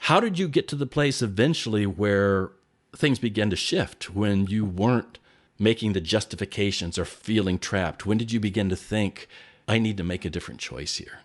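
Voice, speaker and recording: A man hosts a podcast interview in a very low voice. He asks his questions in a calm, measured way. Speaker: host.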